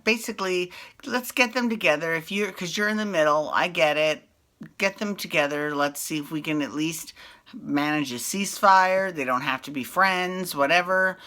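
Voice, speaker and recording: A chatty woman with a low yet bright, forward voice, recapping reality television in a loose, casual way. She laughs often and swears freely as she talks. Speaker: podcast host recapping reality TV. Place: Las Vegas.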